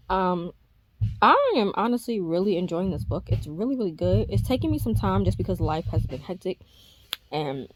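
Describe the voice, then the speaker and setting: A woman's voice: medium pitch, a little mellow, slight background noise. A woman chatting casually to her camera at home for a reading vlog, rambling with many fillers. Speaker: reading vlogger.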